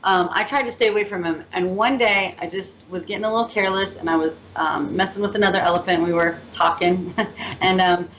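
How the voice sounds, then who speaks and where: A woman's voice: lowish voice, brisk, slight background noise, poor audio. Chatty woman telling travel stories. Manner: lively storyteller, playful and chatty. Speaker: interview guest. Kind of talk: casual interview storytelling.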